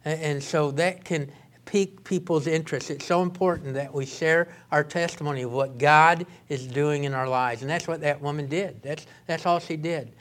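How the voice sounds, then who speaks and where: A male pastor preaching a sermon in an earnest way, often halting and restarting his sentences. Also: on the high side, a bit bright.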